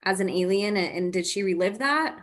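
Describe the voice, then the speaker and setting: A woman hosting a podcast interview, asking gentle probing questions. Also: medium pitch, expressive, a little fast. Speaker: host.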